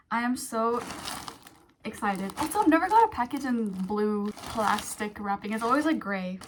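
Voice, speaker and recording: Chatty, excitable young woman vlogger. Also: on the high side, measured pace, pauses often, a little hiss or hum. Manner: chatty, ranting and excitable, with many fillers. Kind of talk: casual vlog chat.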